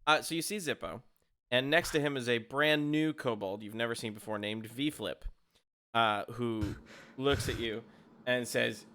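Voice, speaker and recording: Man, game master, giggly, loose narration, bright voice. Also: mid-range voice, a little slow.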